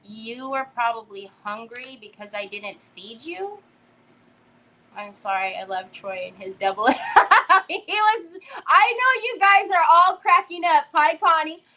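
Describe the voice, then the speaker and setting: A middle-aged woman hosting a crafting livestream, telling a story with animated energy and greeting viewers by name. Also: sits high, measured pace, low-quality recording.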